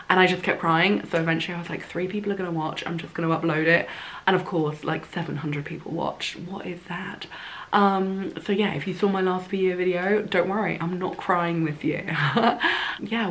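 A woman, chatting casually to camera at home while ill and a little hoarse. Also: fairly low pitch, fairly bright tone, poor audio. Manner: chatty, rambling, self-deprecating. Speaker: vlogger.

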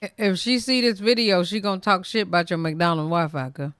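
A woman's voice: fairly low pitch, fairly even intonation, brisk, fairly bright tone, clean tone, dry recording. A woman hosting a live reaction stream, laughing and reacting bluntly in casual chat.

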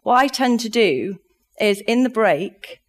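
A woman's voice: a little high, animated, unhurried. Upbeat woman giving a keynote. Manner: upbeat, chatty, laughs often. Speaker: keynote speaker. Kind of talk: conference keynote talk. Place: conference room with live audience.

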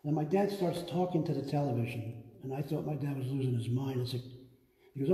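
A man guiding a live museum tour, telling lively stories about his father's art. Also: a little high, a little fast, roomy sound, long reverb tail, rough recording. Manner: animated anecdotes, acts out his father's lines. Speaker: museum guide, artist's son. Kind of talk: casual storytelling on a live tour. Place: art museum gallery, indoors.

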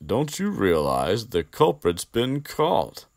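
A man's voice: on the low side, wildly swooping pitch, slow pace, no echo, studio quality, pitched above the performer's own voice, full character voice. A man voicing a cheery, smug male wizard teacher with a bouncy, falsely upbeat manner while retelling a story. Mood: breezy. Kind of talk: comic retelling with voices.

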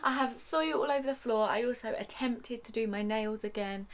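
A woman's voice: fairly high pitch, moderate pace. A woman chatting casually to camera at home as a vlogger and new mother, laughing often. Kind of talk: casual vlog chat to camera. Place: at home, indoors.

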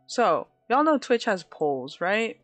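A woman's voice: medium pitch, big pitch swings, takes it slowly, dry recording, faint music behind. A woman streaming live, chatting casually with viewers in a giggly, dramatic way, laughing often.

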